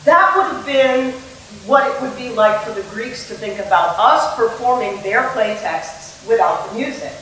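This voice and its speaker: A woman's voice: fairly high pitch, expressive, moderate pace, a bit bright. Woman, theatre director, playful lecture on meter, echoey room, distant mic, faint background hum. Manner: playful, sings and acts out rhythms.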